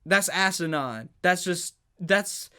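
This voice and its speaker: A man co-hosting a sports podcast in a casual, heated way. His voice sits high for a man, and he stumbles and restarts his sentences as he presses his points. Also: animated, a little slow, fairly bright tone. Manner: heated and emphatic, stutters and restarts.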